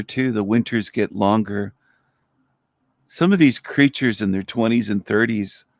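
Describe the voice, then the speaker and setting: Gravelly low-voiced middle-aged man rambling. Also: no room sound, clean studio sound. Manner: blunt, rambling, crude and opinionated. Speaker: livestream host. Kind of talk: casual rambling livestream monologue.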